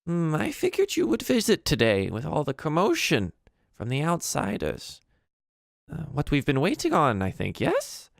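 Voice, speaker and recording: A man voicing a kindly old goblin woman in a tabletop game, speaking in a high, cracked voice. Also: huge pitch swings, normal speed, creaky, no room sound, clean studio sound, full character voice. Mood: welcoming.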